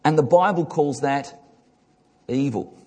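Husky-voiced man preaching in a reverberant hall. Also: fairly high pitch, measured pace, darkish tone. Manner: emphatic preaching with big rises and drops. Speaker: pastor. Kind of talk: sermon. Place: church. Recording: long reverb of a large hall.

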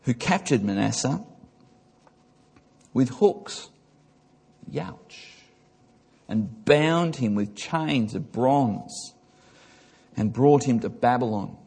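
A pastor preaches with a husky voice, swinging from emphatic highs to quiet lows. He reads scripture and stops to comment on it. His words ring out with the long reverb of a large church hall. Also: expressive, slow, long pauses. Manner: emphatic preaching with big rises and drops. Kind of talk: sermon.

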